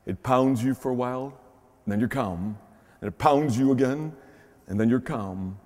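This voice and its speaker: A man's voice: mid-range voice, moderate pace, darkish tone. A man with a Midwestern American accent preaching a conversational sermon, often adding a questioning "huh?" to his points. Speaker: pastor. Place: large church shrine. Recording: long reverb of a large church.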